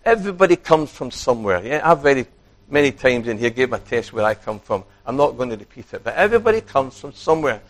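A man preaching a sermon, animated, acting out quoted speech and putting questions to his listeners. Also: medium pitch, quick pace.

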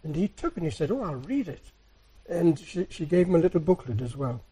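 A man giving a sermon, a soft-spoken, rambling storyteller who retells everyday encounters. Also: a little high, very animated, fairly quick, breathy edge, low-quality recording. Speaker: church speaker. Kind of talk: anecdotal sermon.

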